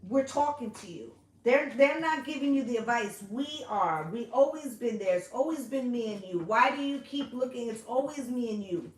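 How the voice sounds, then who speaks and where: A woman's voice: a little high, animated, normal speed, few pauses. A woman giving a casual tarot reading, chatty and coaxing, swearing freely and checking in with her listeners as she goes. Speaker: intuitive tarot reader. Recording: roomy echo.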